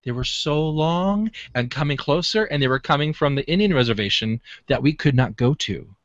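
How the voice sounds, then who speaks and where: Excitable man telling a story, lively pitch. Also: normal speed, highs cut off. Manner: excitable, animated, laughs while telling stories. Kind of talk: casual storytelling.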